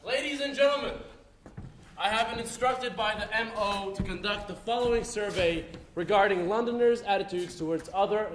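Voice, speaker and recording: A man acting a brisk, officious wartime official addressing a crowd in a live stage play, with hesitant fillers. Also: high-pitched, a little hiss or hum, lightly acted. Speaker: stage actor. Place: theatre stage. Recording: echoey theatre stage.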